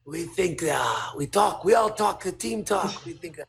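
A man imitating a friendly male toy executive with a put-on Japanese accent and broken, halting English. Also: high-pitched, animated, vocal fry.

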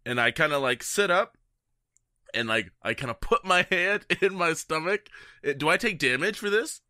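A man's voice: on the high side, animated, normal speed, bright, forceful tone, no echo, clean studio sound. A man playing in a tabletop role-playing game, chatty and giggly, often apologizing. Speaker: player.

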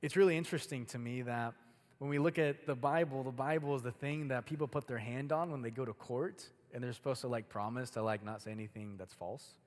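A man's voice: medium pitch, steady tone, fairly quick. A young man preaching a casual, chatty sermon to a youth group, using a lot of filler words. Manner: casual, chatty, heavy use of "like". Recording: long hall reverb.

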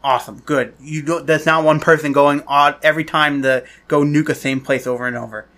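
A man's voice: on the high side, fairly even intonation, a little fast, bright, forceful tone. A man co-hosting a gaming podcast, speaking casually and a bit hesitantly.

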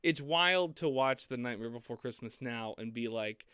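A man co-hosting a film podcast, talking in a casual, animated way with frequent laughs and restarts. His voice is bright and smooth. The sound is dry and close. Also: mid-range voice, moderate pace, no echo. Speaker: podcast co-host.

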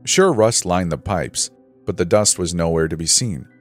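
Deep-voiced man narrating a horror story. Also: lively intonation, moderate pace, faint music behind. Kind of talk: first-person scary story narration.

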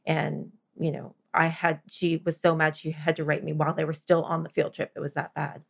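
Woman, low gravelly voice, animated storyteller in casual chat. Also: brisk. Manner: animated storyteller, laughs often.

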